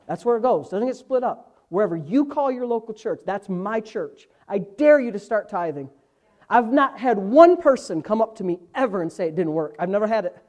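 A male pastor delivers a sermon in a voice that sits unusually high for a man. He is fervent and impassioned, dropping to hushed asides and then climbing back to loud, urgent exhortation. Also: very animated, moderate pace. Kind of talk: preaching a sermon.

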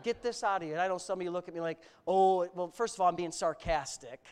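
High-voiced animated male preacher. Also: fast, smooth. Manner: animated, rising to near-shouts, sarcastic asides. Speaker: pastor. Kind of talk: sermon.

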